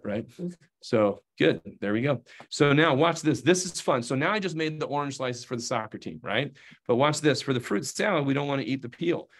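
Chatty man demoing knife skills. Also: medium pitch. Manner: chatty, checks in with "right?" and "okay?" often; playful asides while demonstrating. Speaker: knife demonstrator. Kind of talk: hands-on cooking demonstration.

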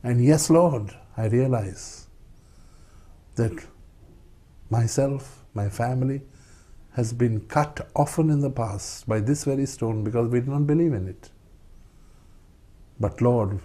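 A man's voice: medium pitch, mellow. A man preaching a sermon, quoting scripture and stressing key words emphatically.

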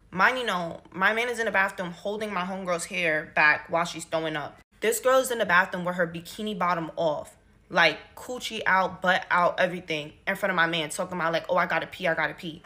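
A young woman telling a personal story to her phone camera in an animated, exasperated, slangy way. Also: fairly low pitch. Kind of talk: casual storytime monologue.

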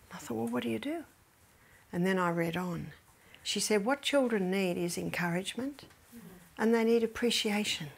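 A middle-aged woman giving a health seminar that weaves in Bible teaching. She tells stories lively, laughs often, and drops to a soft whisper for emphasis. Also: mid-range voice. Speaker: health educator.

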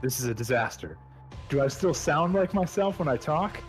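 A man's voice: fairly high pitch, lively intonation, normal speed, faint music behind. A man playing a tabletop game, reacting in character with bewildered swearing and jokes. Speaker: player.

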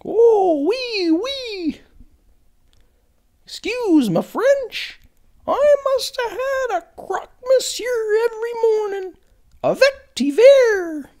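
A performer voicing Linda, a chirpy woman with a squeaky high voice who folksily mangles French phrases in a comedy sketch. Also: sing-song, slow pace, darkish tone, full character voice. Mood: chatty.

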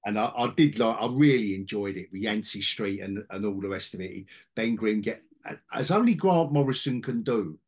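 A man's voice: fairly low pitch, lively intonation, moderate pace, few pauses, slightly rough. A middle-aged man hosting a casual podcast chat about comics, rambling with restarts and asides. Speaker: podcast host, comic collector.

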